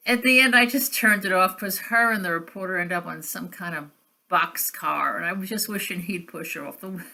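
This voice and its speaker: A woman's voice: fairly low pitch, pushed and bright. A woman casually reviewing old films in a rambling, wry monologue full of sarcastic asides and restarts. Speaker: film reviewer.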